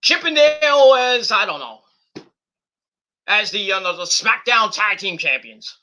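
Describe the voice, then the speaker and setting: A man's voice: sits high, sing-song, unhurried, bright, forceful tone. A middle-aged man hosting a livestream, ranting casually and profanely with sarcastic mock quotes. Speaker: streamer host.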